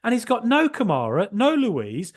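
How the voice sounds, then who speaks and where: A man hosts a casual football podcast in an animated, joking way. He swears mildly and often breaks off and restarts his sentences. His voice sits fairly high. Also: moderate pace. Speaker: podcast host.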